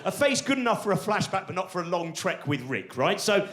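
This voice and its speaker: A man in his forties tells a meandering stand-up story and pokes fun at himself. He keeps restarting and wandering into asides. His voice sits high and swings widely in pitch. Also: big pitch swings, fairly quick, fairly bright tone, a little hiss or hum. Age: 40s. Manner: rambling, self-deprecating, lots of restarts and asides. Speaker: stand-up comedian.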